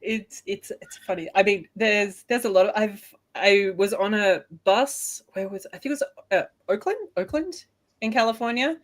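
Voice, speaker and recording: A woman's voice: mid-range voice, normal speed. A woman in her thirties from Australia with an Australian accent, chatting as a guest author and laughing often. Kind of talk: casual interview chat.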